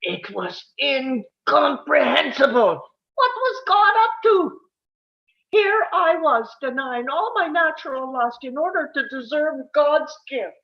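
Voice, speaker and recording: A woman's voice: sits high, highs cut off, heavily acted. A woman reading the part of a bitter, tormented male composer in a table read, with a brooding, confessional delivery.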